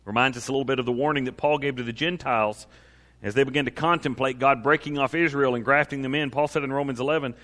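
A man's voice: mid-range voice, steady tone, fast talker, fairly bright tone. A man preaching a sermon, reading scripture aloud with rising and falling emphasis. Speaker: pastor.

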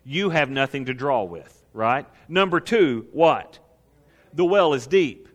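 A man's voice: medium pitch, animated, slow pace, fairly bright tone, long reverb tail, muffled recording. Sarcastic woman at the well, as a preacher puts her on. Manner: cynical, mocking questions.

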